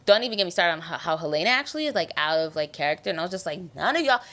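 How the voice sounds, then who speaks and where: A woman's voice: fairly low pitch, animated, very fast, a bit bright. A young woman hosting a podcast, recapping a TV episode in casual, slangy and emotional chat. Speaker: podcast host.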